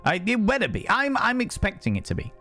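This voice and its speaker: A man's voice: sits high, huge pitch swings, brisk, sharp tone, soft background music. A young man streaming and chatting casually, rambling from topic to topic, swearing freely and greeting viewers by name. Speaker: streamer reading chat. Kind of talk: casual chat.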